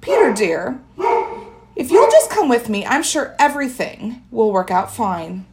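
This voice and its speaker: A sweet, doting nurse, as a woman reading a storybook puts her on, with a lifted, sugary voice that coaxes children along. Her lines swing with lively pitch. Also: a little slow, heavy background noise. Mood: coaxing.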